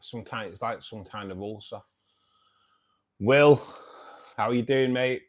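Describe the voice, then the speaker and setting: Speaking a little slowly in a medium-pitched voice, this aquarium channel host keeps his livestream casual and friendly. He hesitates constantly, with many ums and restarts, and calls his viewers mate and buddy.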